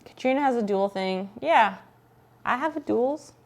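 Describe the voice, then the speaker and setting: A woman's voice: fairly high pitch, lively intonation, moderate pace. Woman streamer chatting w/ chat at home, teasing, playful, swears a bit. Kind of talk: casual chat with viewers.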